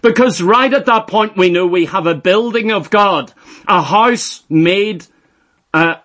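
A man's voice: sits high, unhurried, fairly bright tone. A middle-aged man preaching a sermon, emphatic and repeating phrases for stress.

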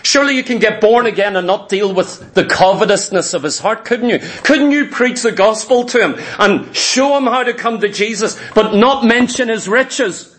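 Animated, fairly high-voiced male preacher. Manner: animated, questioning, emphatic. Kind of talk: sermon.

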